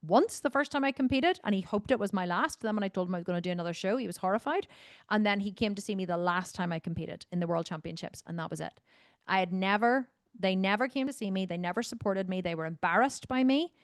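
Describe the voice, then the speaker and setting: A Northern Irish woman coaching members on a video call, talking bluntly and with plenty of swearing, dropping into low asides and then bursting out loudly. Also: fast talker, no echo, clean studio sound. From Northern Ireland. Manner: blunt and profane, animated, swinging between low asides and loud outbursts. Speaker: fitness coach answering member questions. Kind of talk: casual Q&A on a group video call. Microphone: video call microphone.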